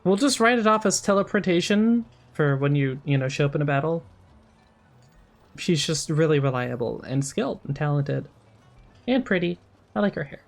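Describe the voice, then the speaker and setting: A woman's voice: deep voice, lively intonation, normal speed, vocal fry, faint music behind. A woman streaming a game, giving casual, playful commentary with sarcastic asides.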